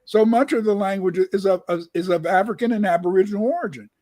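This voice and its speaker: A man's voice: high voice, fast, warm tone, dry recording. A man who joins as a guest in a casual livestream discussion. He explains points in a lecturing way and often repeats words as he restarts.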